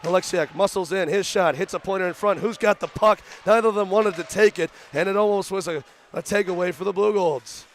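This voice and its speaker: A young man doing radio play-by-play for a college hockey game, rattling off rapid calls that rise into shouts on shots. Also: sits high, a little hiss or hum. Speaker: play-by-play announcer. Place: arena broadcast booth.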